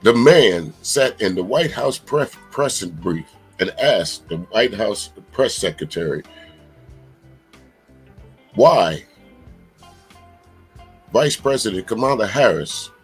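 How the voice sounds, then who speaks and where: A man's voice: on the low side, takes it slowly, pauses often, breathy edge, soft background music, rough recording. A man hosting a live political commentary stream, talking emphatically and bluntly to his viewers. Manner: animated, emphatic, profane, talks straight to viewers. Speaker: commentary channel host.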